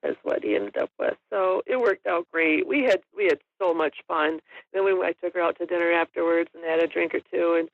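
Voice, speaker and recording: A woman's voice: fairly low pitch, expressive, fairly quick, no echo. A woman guest telling a hunting story in a casual interview, chatty and laughing often. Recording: dull lo-fi audio.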